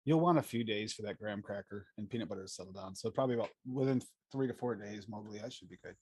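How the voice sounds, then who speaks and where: A man co-hosting a casual livestream who rambles, pausing on many fillers. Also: on the low side, husky, no echo. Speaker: livestream co-host and advocacy streamer.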